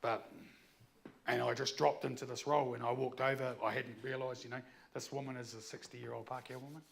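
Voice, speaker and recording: A man speaks in a gravelly, rough-edged voice as he tells a candid personal story. He is blunt and swears freely. A faint hiss of noise sits behind him. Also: mid-range voice, little pitch movement, fairly quick, long pauses, a bit bright. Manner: blunt, swears freely, acts out his own past outbursts. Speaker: speaker sharing his story.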